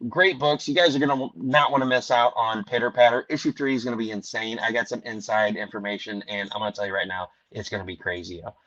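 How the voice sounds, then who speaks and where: A man's voice: lowish voice, steady tone, fast, hardly any pauses, no echo, highs cut off. Rowdy, profane man hosting a show. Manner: loud, rowdy, rambling. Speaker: podcast host reading sponsors. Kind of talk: casual profane chat. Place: Missouri.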